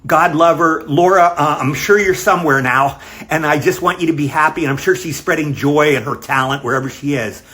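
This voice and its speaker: A man's voice: a little high, brisk, bright, forceful tone. An older man recording a casual video greeting, telling a rambling, fond story with many fillers. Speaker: actor sending a video greeting. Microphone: self-recorded video.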